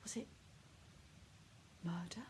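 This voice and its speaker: Woman poet, unhurried, gentle and hushed, grieving recitation. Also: a little hiss or hum. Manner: soft, hushed, intimate delivery; heartfelt, grieving tone. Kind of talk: poetry recitation.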